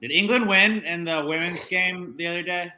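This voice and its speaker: A man's voice: high voice, normal speed, sharp tone, slight background noise. A man co-hosting a sports watchalong stream, joking and chatting casually about the game. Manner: joking, cheers on his team. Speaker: podcast co-host.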